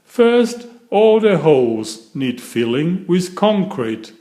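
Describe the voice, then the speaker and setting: A man's voice: a little high, sing-song, slow pace, mellow, voice pushed up. A man reading a children's storybook aloud, voicing a cheerful, playful pig father with jolly enthusiasm.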